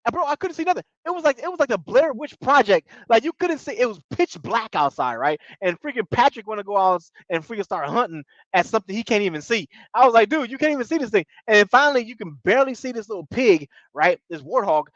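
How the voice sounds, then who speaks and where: A man's voice: sits high, lively intonation, quick pace, hardly any pauses, fairly bright tone, no room sound. A man casually recapping a reality show in slangy talk, laughing often. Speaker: TV show reviewer. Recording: dull lo-fi dry audio.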